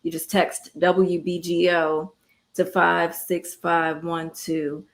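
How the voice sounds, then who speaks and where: A woman radio host with a slightly low voice, gushing and quick to laugh. She chats with a guest on her jazz show and reads out the closing pledge details. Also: level tone. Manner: effusive, laughs often. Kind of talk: radio interview and sign-off.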